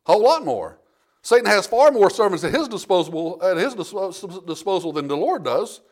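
A man with a high voice delivering a sermon. He preaches conversationally, restarting phrases and acting out the people in the story. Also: sing-song, a little fast. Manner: conversational preaching with frequent restarts and acted-out quotes. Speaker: pastor.

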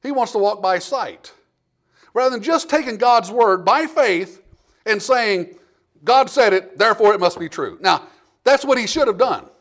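A man's voice: high-pitched, lively intonation, moderate pace, fairly bright tone. A man preaching a sermon in a conversational way, repeating himself and acting out quotes from scripture. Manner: conversational preaching with frequent restarts and acted-out quotes. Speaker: pastor.

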